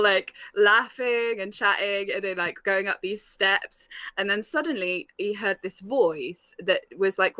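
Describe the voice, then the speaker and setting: A woman's voice: medium pitch, dry recording, clean studio sound. A woman telling a funny story on a group chat show, giggling often and filling her talk with "like". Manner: giggly, animated, many fillers, acts out quotes. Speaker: storyteller on a live panel show. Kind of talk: casual storytelling.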